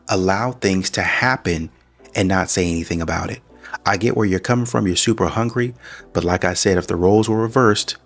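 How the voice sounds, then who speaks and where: Deep-voiced man giving reaction commentary. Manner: calm, reasoned arguing. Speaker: reaction channel host.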